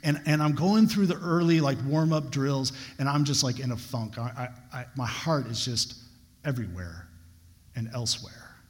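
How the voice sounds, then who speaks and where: Long hall reverb fills this recording of a young adult male pastor preaching. At a moderate pace and in a mid-range voice, he tells a personal story with earnest emphasis that keeps building.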